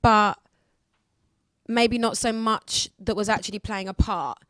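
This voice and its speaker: A young woman in her twenties, a singer chatting candidly as a guest in a radio interview, lively and acting out other people's lines. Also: mid-range voice, a little slow, no echo, studio quality. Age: 20s. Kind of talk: casual radio interview chat.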